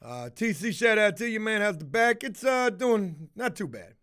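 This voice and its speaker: A man with a high-pitched voice chats loosely on a livestream and reacts to viewers' comments. He rambles from one gripe to the next and swears freely, with a blunt, unfiltered delivery. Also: big pitch swings, moderate pace, a bit bright. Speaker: livestream host reading chat. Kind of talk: casual livestream chat.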